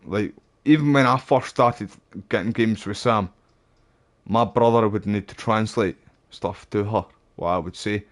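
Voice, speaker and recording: A Scottish man chatting on a game stream in a relaxed, rambling way, with words like "wee" and "aye" slipping in. His voice sits fairly low. He talks as if to a friend. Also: measured pace. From Scotland. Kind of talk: casual live-stream chat.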